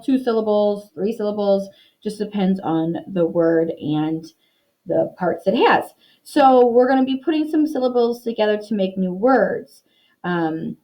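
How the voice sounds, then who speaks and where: A young woman teaching a reading lesson to young children in an upbeat, encouraging way, slowing down to model words clearly. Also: medium pitch, warm tone, low-quality recording.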